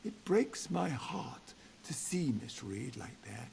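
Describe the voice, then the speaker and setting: A slow, gravelly old butler. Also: male voice, mid-range voice, very animated, a little hiss or hum, exaggerated voice. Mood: sorrowful. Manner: deferential, formal, sorrowful. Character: elderly loyal male butler, sorrowful and proper. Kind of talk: video game dialogue. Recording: game audio with loud music behind.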